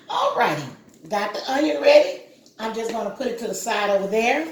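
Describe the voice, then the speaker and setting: A woman's voice: fairly high pitch, animated, fairly quick, echoey room, slight background noise. A woman hosting a cooking video, chatting casually and giving step-by-step instructions straight to the viewer.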